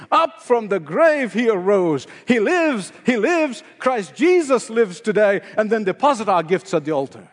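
Older guy preaching, high voice, big echoey hall, hammers phrases over and over. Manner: emphatic, repeats key phrases with rising pitch. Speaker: pastor. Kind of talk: sermon.

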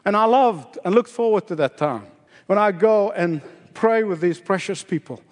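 An older male pastor delivers a sermon in a high, emphatic voice, repeating key phrases and lifting his pitch to drive them home. His words ring out with a long reverb tail, as in a large hall. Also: lively intonation, normal speed.

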